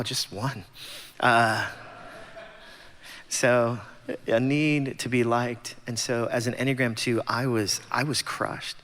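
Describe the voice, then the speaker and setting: With a medium-pitched, fairly bright voice, a man in his forties from Los Angeles gives a conversational, self-deprecating testimony as a guest at a church gathering. The large sanctuary leaves a long hall reverb on the recording.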